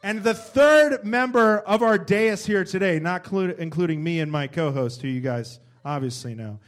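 A man co-hosting a live podcast on a comedy club stage, hyping the audience with loud introductions and teasing his co-host. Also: sits high, normal speed, hardly any pauses, slight background noise.

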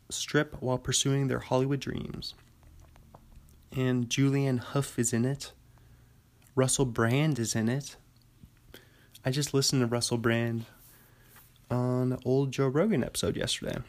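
A man's voice: mid-range voice, a little mellow. A young man hosting a casual solo podcast, rambling with lots of fillers and frequent laughs. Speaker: podcast host.

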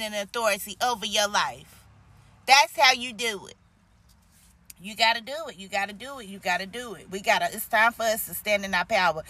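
Female podcast host, bright and fairly high-pitched, gives a preachy faith-based pep talk with call-and-response. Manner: preachy, call-and-response with listeners, frequent "okay?".

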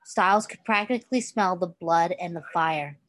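A woman's voice: fairly low pitch, moderate pace. A woman reading a story aloud in a casual way, stumbling now and then and correcting herself. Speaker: reader.

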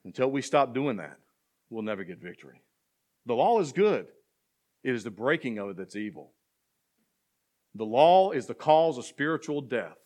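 A man's voice: mid-range voice, big pitch swings, normal speed, pauses often, darkish tone. A man preaching a sermon to a church as pastor, asking the congregation questions and building to emphatic passages. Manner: preaching with rising intensity and call-and-response questions.

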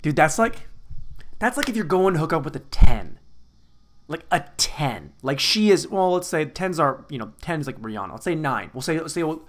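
Man, slightly high voice, podcast host, casual comedic rant, crude, self-mocking, rambling. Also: moderate pace. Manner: lively, swings between loud bursts and low mutters.

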